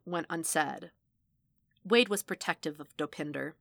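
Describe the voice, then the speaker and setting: A woman reading fan fiction aloud as audiobook narration, steady and measured. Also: lowish voice, no room sound. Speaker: podfic reader.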